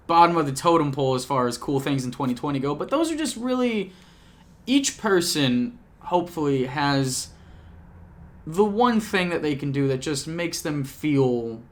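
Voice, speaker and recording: Here a young male YouTuber talks at a measured pace, his voice a little high and animated. He's at home in his apartment doing a relaxed vlog recap for the camcorder, jokey and rambling, interrupting himself mid-thought.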